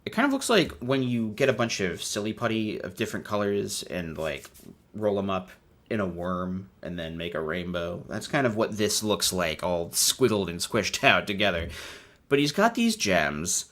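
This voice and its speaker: A man's voice: on the low side, sing-song, normal speed, fairly bright tone. A man hosting a casual, irreverent comedic commentary, laughing often as he talks. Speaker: host.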